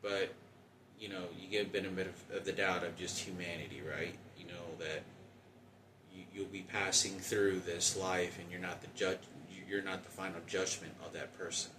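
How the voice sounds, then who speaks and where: A man in his forties talking in a halting, rambling personal monologue with many restarts. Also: low voice, level tone, echoey room, distant mic, noisy background. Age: 40s.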